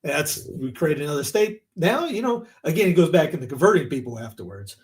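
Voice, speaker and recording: Lively, slightly high-voiced male co-host. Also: a little fast. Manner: animated, mocking voices in quotes. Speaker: podcast co-host. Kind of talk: casual chat.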